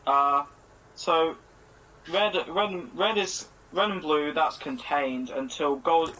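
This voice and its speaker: Co-host on a call: man, slightly high voice, eager, detailed explainer, faint noise. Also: a bit bright, rough recording. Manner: eager, explains at length, quick. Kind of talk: casual chat about an anime.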